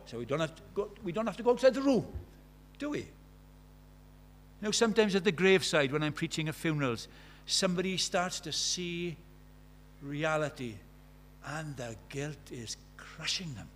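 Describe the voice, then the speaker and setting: A middle-aged man with a Welsh accent delivers a sermon with a fairly high voice. He shifts from loud, emphatic declarations to quiet, hushed asides as he preaches. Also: lively intonation, normal speed, slight background noise. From Wales.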